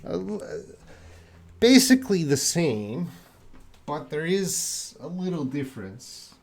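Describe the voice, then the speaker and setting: A man from Canada teaching English on a live stream, answering viewers' chat questions patiently and slowly with many pauses. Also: on the high side, big pitch swings, vocal fry. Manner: slow, patient, repeats student names and pauses with uh; drinks tea while talking to the camera.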